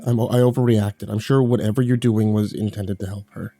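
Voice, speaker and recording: A man playing a frantic husband and father in a horror story reading, sharp and commanding. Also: on the low side, fairly quick, dry recording, faint music behind. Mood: tense. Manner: bursts into shouting, then calms.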